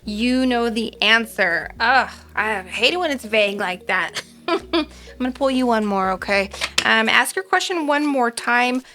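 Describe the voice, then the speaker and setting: A woman's voice: fairly high pitch, expressive, unhurried, background noise. A woman doing a casual pick-a-card tarot reading, chatty and rambling, with frequent ums. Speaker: tarot reader.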